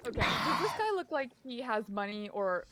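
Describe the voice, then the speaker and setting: A woman player at a tabletop game chats in a casual, giggly way. Her voice is high and animated, rising and falling a lot. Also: normal speed, over music.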